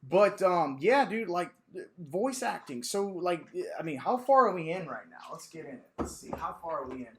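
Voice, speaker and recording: A young podcast co-host with a high-sitting voice talks at a normal speed in a casual chat. He's an animated storyteller, telling stories and acting out quotes with lots of energy.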